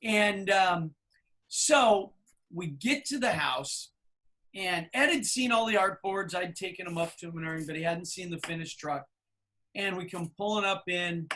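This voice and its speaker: A man's voice: sits high, moderate pace. Man in his fifties telling stories. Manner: anecdotal, animated retelling with many fillers. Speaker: podcast co-host. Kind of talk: casual storytelling chat.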